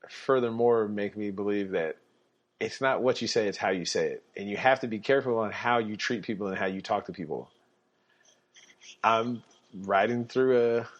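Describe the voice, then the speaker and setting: Animated young man telling stories. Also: lowish voice. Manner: animated, laughs through his stories, acts out quotes. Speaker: podcast guest storyteller. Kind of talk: casual storytelling. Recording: dull lo-fi podcast audio.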